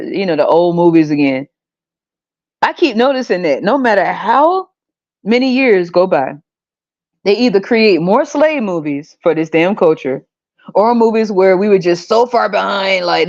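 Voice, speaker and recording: A woman hosts her podcast in a loose, ranting style, blunt and fed up, dropping curses without a second thought. Her voice sits at a middling pitch, and the recording sounds dull and muffled. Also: darkish tone. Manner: blunt, exasperated, swears freely. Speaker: podcast host. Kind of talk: casual ranting commentary.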